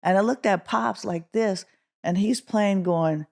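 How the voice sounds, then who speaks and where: This middle-aged woman from Oakland is a guest musician being interviewed, telling a story and voicing quotes with a lift in pitch. Her speech is a little slow, with noticeable vocal fry, and her manner is animated.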